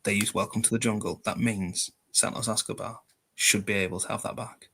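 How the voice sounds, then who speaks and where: A man's voice: on the low side, fairly even intonation, a little fast, vocal fry, crowd noise. A man co-hosting a casual chat, emphatic and bantering. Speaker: podcast co-host.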